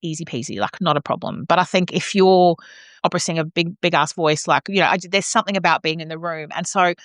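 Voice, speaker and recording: A woman's voice: lowish voice, fast, a bit bright, no echo, clean studio sound. A woman with an Australian accent, an opera singer co-hosting a podcast, chatting casually in a playful, teasing and slightly cheeky way.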